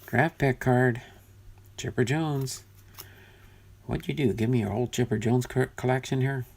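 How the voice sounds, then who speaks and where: A man's voice: mid-range voice, fairly even intonation, measured pace, vocal fry, a little mellow, slightly rough. A man casually talking through a box of cards, thinking aloud and muttering as he sorts them. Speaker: card collector vlogger. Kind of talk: casual unboxing commentary.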